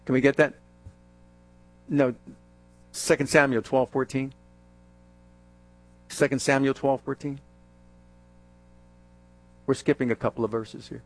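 A man preaching a sermon, reading scripture aloud and calling out questions to the congregation, stressing key words and dropping low for emphasis. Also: expressive, normal speed, pauses often, no echo. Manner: calls out questions to the congregation and answers them.

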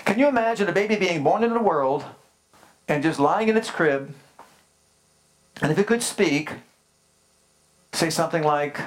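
A man with a high-pitched voice delivers a sermon to his congregation. He preaches with emphasis, calls out to the listeners, and lets his delivery swell into fervent, rising passages. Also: expressive, moderate pace, long pauses. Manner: addresses the congregation directly with calls like "Amen?". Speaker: pastor.

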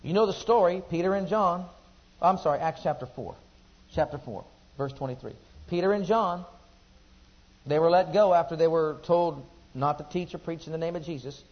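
A man preaches a sermon in a slightly high voice, questioning his listeners as he goes. He rises to loud emphasis, then drops to quiet asides. The recording is dull and lo-fi. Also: moderate pace.

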